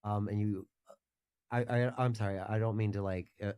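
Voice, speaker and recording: A man's voice: fairly low pitch, steady tone, normal speed, darkish tone, clean tone, no echo, clean studio sound. A man, a podcast guest, chatting casually about a video game, rambling with frequent restarts and self-corrections.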